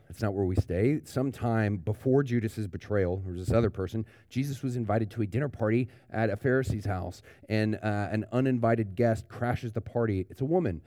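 A man's voice: lowish voice, a little fast, hardly any pauses, warm tone, dry recording, studio quality. A man preaching a sermon in a church, talking in a casual, conversational way with frequent restarts and fillers. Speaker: pastor.

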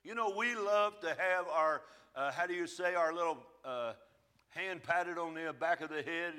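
Forceful, emphatic male preacher. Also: fairly high pitch, moderate pace, clean tone. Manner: emphatic preaching that swells and drops in volume; folksy, plain-spoken phrasing. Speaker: pastor. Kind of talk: sermon. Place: church.

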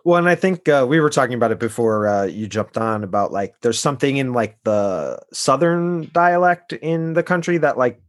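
An easygoing man with an average-pitched voice hosts a podcast. He chats casually and keeps things light. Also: normal speed, hardly any pauses.

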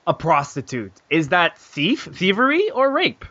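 A man's voice: high voice, huge pitch swings, measured pace, a bit bright, no room sound, dull audio. A man hosting a gaming podcast, joking around loosely and reading out news with plenty of "uh" and "um". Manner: joking, loose, with frequent "uh" and "um" and giggles. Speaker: podcast host. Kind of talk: casual chat with news reading.

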